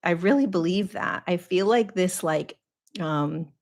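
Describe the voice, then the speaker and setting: Woman host, spiritual teacher, low-pitched and gravelly, earnest coaching delivery with repetitions. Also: a little slow, darkish tone. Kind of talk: live Q&A talk.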